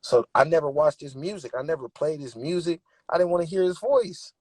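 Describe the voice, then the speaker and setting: A man's voice: a little high, a little fast, a little mellow, no room sound. A young man, a rapper, telling his story in an interview with emphatic, streetwise conviction. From Bay Area, California. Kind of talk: candid interview talk.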